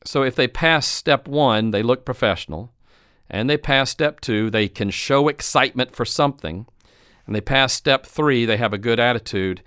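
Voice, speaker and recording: Smooth-voiced man coaching with anecdotes. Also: mid-range voice, normal speed, fairly bright tone, dry recording, studio quality. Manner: retells anecdotes and acts out quoted speech. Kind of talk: instructional storytelling talk.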